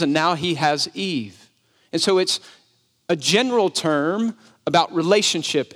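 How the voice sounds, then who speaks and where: A man preaching a sermon. His voice sits a little high for a man. He speaks emphatically and keeps asking the congregation questions. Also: a bit bright. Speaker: pastor.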